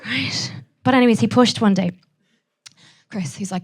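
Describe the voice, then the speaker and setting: Woman, Irish accent, high voice, young adult, stand-up comic, brash, profane, audience banter. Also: moderate pace, breathy edge. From Ireland. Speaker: stand-up comedian. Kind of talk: live stand-up set.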